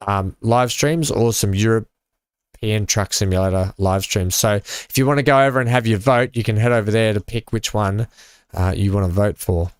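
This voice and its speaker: A man's voice: medium pitch, clean tone, no echo, studio quality. Chatty man live-streaming a game. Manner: chatty, reads chat aloud and greets viewers with many fillers. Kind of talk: casual live-stream commentary while building.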